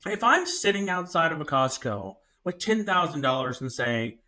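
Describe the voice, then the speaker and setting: Animated man with a bright voice. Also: fairly high pitch, normal speed, few pauses. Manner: animated storytelling with comic exaggeration. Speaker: podcast co-host. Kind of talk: casual chat.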